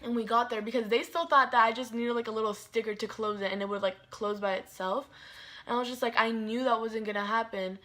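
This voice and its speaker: A woman's voice: on the high side, fairly even intonation, a little fast, fairly bright tone. A young woman vlogger telling a storytime in a chatty way, full of "like" and dramatic quotes of herself. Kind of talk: casual storytime.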